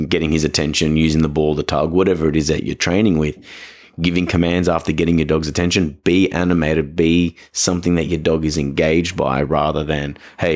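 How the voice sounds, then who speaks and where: An Australian man hosting a podcast, telling a story in a chatty, rambling, self-deprecating way. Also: extremely low pitch. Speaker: podcast host. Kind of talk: casual storytelling monologue.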